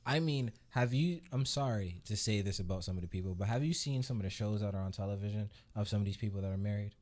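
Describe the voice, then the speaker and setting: A man's voice: on the low side, fast talker, darkish tone. A man hosting a live reaction show, talking bluntly and profanely with laughing asides. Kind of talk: casual reaction commentary.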